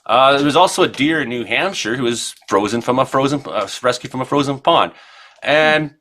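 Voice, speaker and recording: A man's voice: medium pitch, animated, fairly quick, fairly bright tone. A man in his forties from Ontario, co-hosting a casual radio chat show and rambling through news items and stories with many fillers. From Ontario, Canada. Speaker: co-host. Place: radio studio.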